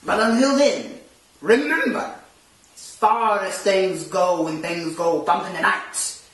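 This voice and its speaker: A woman's voice: slow pace, close to an everyday voice. A woman playing a grumpy, theatrical centuries-old vampire count who hosts a horror review show, with an exasperated, sarcastic way of ranting. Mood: grumbling. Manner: exasperated, sarcastic, wildly swinging pitch. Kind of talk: comic in-character rant. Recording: very echoey room, distant mic, faint noise.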